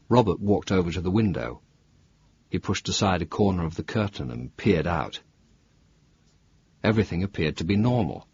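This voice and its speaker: Male thriller narrator, low husky voice, animated delivery, muffled dry lo-fi audio. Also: no echo. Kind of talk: scripted narration. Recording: dull lo-fi dry recording.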